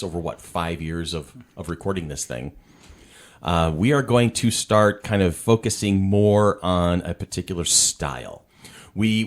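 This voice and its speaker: A middle-aged man hosting a casual podcast chat from his dining room, rambling and self-deprecating with lots of restarts. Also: sits low. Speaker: podcast host. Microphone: portable podcast setup.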